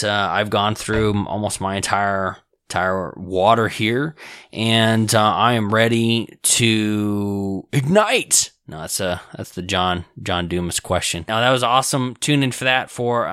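Low-voiced, dry-sounding male podcast host. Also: steady tone, moderate pace, bright, forceful tone, clear, resonant tone, no room sound. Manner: casual, conversational, restarts and self-corrects; repeats key points for emphasis. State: slightly hoarse. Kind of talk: solo podcast monologue.

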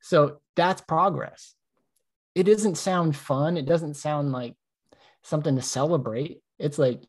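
A man co-hosting a casual podcast, telling animated stories, acting out his own thoughts and swearing often. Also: fairly high pitch, slow pace. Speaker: podcast co-host.

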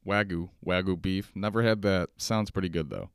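Low-voiced young man rambling profanely. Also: moderate pace, smooth, no echo, studio quality. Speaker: podcast host. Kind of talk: casual solo podcast chat. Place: kitchen table at home.

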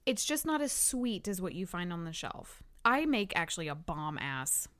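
A woman's voice: lowish voice, big pitch swings, normal speed, a bit bright. Casual woman co-host, laughs easily. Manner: casual, laughs easily, loose phrasing with fillers. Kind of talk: casual chat.

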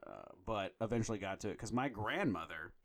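A man's voice: lowish voice, a little fast. A man in his thirties, a podcast co-host, telling stories in casual, profane chat. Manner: profane, animated storyteller.

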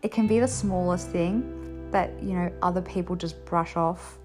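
A young adult woman talking frankly to camera in a casual confessional vlog, expressive and blunt, swearing freely and laughing between points. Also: on the low side, normal speed, over music. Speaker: vlogger sharing her experience.

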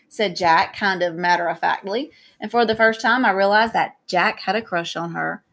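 Female audiobook narrator, plain, steady storytelling. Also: medium pitch, moderate pace, hardly any pauses. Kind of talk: scripted narration.

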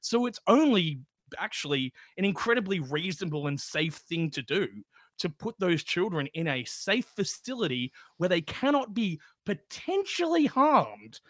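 A woman's voice: lowish voice, no room sound. Aussie woman on a podcast, sarcastic, voice jumps all over, dry close sound. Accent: Australian. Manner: sarcastic, animated, laughs often. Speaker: podcast co-host. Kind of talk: casual podcast banter.

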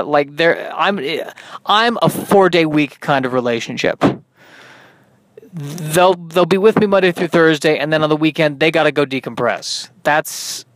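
A man's voice: a little high, fairly bright tone, no echo. A man hosting a solo podcast, tired and yawning, rambling in a self-deprecating way. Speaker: podcast host.

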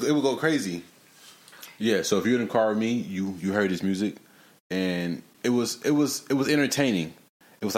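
A young man hosting a casual podcast, telling stories in lively slang and breaking into rap lines. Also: lowish voice. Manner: animated, slangy storytelling with bursts of rapping. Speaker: podcast host.

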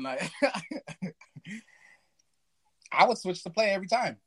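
Lively high-voiced joking man. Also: slow, husky, no echo. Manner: animated, profane, acts out imagined dialogue. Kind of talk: casual chat.

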